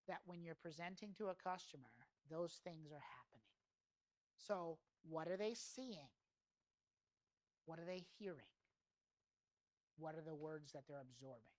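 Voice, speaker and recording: A man's voice: a little high, no room sound. A man leading an in-house sales training, talking conversationally, quizzing the room with rhetorical questions and swearing now and then. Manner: casual, swears in passing.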